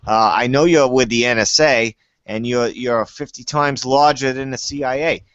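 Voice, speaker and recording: A man in his forties with a Boston accent, talking in a loud, joking, crude way on a panel call. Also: medium pitch, fairly even intonation, normal speed, no echo. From New England. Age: 40s. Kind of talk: casual call chat. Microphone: video call. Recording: dull, dry call audio.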